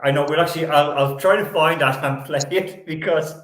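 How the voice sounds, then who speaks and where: A man's voice: fairly high pitch, fairly even intonation, a little fast, a bit bright, roomy sound. A man hosting a sports talk show, telling stories in a rambling, self-correcting way.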